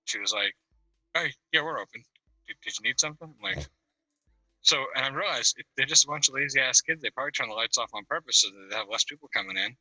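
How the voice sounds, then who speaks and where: A man on a video call telling a profane, animated story with bursts of laughter. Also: mid-range voice, fast talker, no room sound, rough recording. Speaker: caller on a video call-in panel. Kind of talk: casual storytelling.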